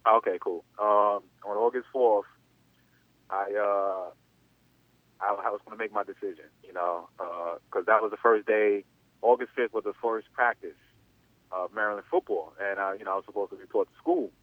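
A man's voice: fairly low pitch, steady tone, moderate pace, dry recording. A man in his thirties, an interview guest telling a long story in a loose, rambling way full of "you know.". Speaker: interview guest, former athlete. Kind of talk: casual spoken storytelling. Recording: dry, tinny phone-line sound.

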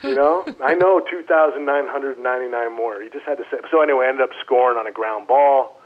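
A man, a former baseball player, telling animated stories in a casual interview and quoting teammates as he goes. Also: medium pitch, fairly quick. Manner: animated anecdotes, quoting others in voices. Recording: phone-line audio.

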